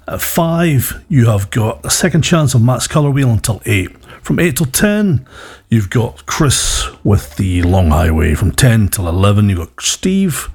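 A man's voice: fairly low pitch, creaky, a little mellow, slightly rough. A man presenting a radio show, rambling in a jokey, self-mocking way.

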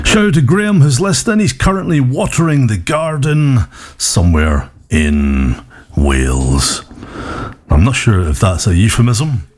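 A man's voice: low voice, animated, unhurried, a little mellow, breathy edge. A man hosting a rock radio show, rambling through jokey banter between songs.

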